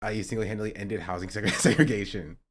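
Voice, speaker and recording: A young man streaming live, chatting casually and joking sarcastically, and he sometimes rises into an animated rant. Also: on the low side, fast. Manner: joking and sarcastic, reading chat aloud; rising to animated ranting. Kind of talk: casual livestream chat.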